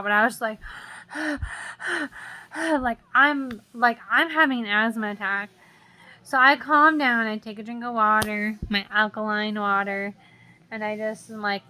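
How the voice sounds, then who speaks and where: A woman's voice: on the high side, steady tone, measured pace, pushed and bright, slight background noise. A young woman vlogger telling a story in a casual, rambling way, full of "like" fillers, still shaken and jittery.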